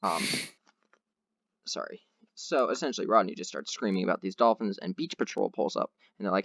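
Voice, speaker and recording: A man's voice: sits low, animated, fairly quick, creaky, a bit bright, dry recording, muffled recording. A man hosting a podcast, telling a long rambling anecdote in casual chat with lots of fillers. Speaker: podcast host.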